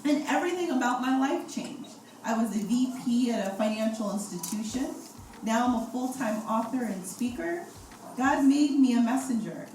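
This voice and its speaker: A woman in her forties sharing her personal testimony as a guest speaker, animated and laughing often. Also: fairly high pitch, moderate pace. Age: 40s. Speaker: guest speaker, breast cancer survivor. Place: event hall. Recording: echoey hall, far from the mic, noisy.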